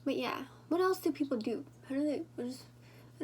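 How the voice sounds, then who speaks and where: Woman vlogger, high voice, loose casual chat, talks straight to camera while doing makeup. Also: lively intonation, fairly quick, a little hiss or hum. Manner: rambling, talks to viewers directly.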